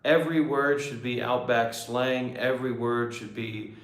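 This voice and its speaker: Deliberate man quizzing an AI. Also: medium pitch, fairly even intonation. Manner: slow, deliberate, probing. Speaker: livestream host quizzing an AI. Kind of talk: casual live chat. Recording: echoey room.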